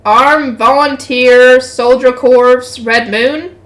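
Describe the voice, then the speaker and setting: A woman's voice: high-pitched, steady tone, drawn-out words, fairly bright tone. A woman reading a novel aloud, breaking off for joking, swearing asides. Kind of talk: casual read-aloud with commentary. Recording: echoey room.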